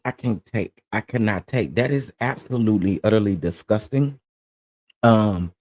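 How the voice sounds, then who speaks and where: A man's voice: lowish voice, sing-song, a little slow, warm tone, slightly rough. Slang-heavy man reading news reports live. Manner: reads reports with fillers, then rants with rising heat; uses southern Black American slang like y'all, honey, child. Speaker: commentary host. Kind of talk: live-stream news commentary.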